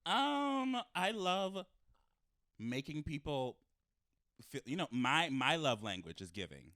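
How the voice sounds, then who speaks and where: A man's voice: fairly high pitch, sing-song, slow, pushed and bright, no room sound, studio quality. A man co-hosting a podcast in casual chat, joking playfully and laughing often. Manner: giggly, playful banter. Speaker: podcast co-host.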